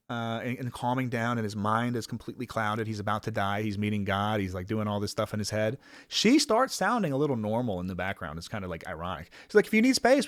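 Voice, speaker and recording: A man's voice: medium pitch, a bit bright, no room sound, studio quality. A man giving a rambling, casual film review, full of fillers and swearing, sometimes acting out characters in a raised voice.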